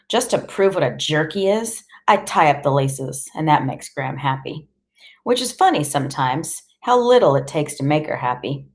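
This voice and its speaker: A woman narrating an audiobook in the first person, with a deadpan, wry delivery. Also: low-pitched, moderate pace.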